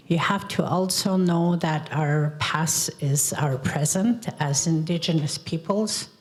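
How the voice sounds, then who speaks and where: A woman in the audience of a panel, sharing teachings in a reflective comment and telling stories slowly and deliberately, with repetition. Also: on the low side, poor audio. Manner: slow, deliberate storytelling with repetition.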